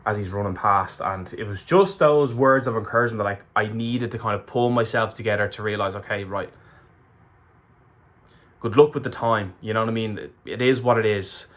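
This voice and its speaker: A man's voice: fairly low pitch, moderate pace, a bit bright. An Irish man recapping a race to camera in a candid, emotional way, swearing freely. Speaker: ultramarathon runner vlogger.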